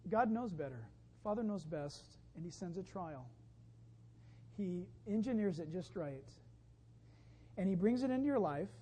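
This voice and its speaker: A woman pastor delivering a sermon, emphatic and building to loud exclamations. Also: medium pitch, breathy edge, rough recording.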